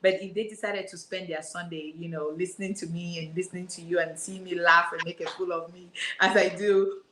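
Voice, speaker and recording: Effusive grateful woman, low voice. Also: fairly even intonation, brisk, a bit bright, reverberant, low-quality recording. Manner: effusive, repeats words, full of gratitude. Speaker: guest, business owner. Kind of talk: emotional interview talk.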